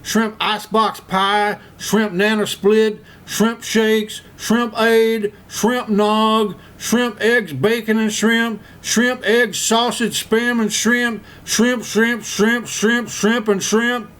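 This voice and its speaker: A man voicing Bubba, a simple-minded young Southern man who screams out long lists in a high, shrill voice, with a Southern US accent. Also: fairly even intonation, takes it slowly, hardly any pauses, a bit bright. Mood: screaming.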